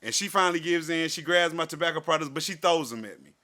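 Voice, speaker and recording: A middle-aged man, co-hosting a podcast and telling a profane story in animated, casual chat. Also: fairly high pitch, fast talker. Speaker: podcast co-host.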